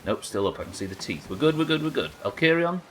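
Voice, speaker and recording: Streaming a pirate game live, a young man chats with his viewers, reading their messages and swearing casually as he commentates. His medium-pitched voice is very animated and fast, with slight background noise behind it.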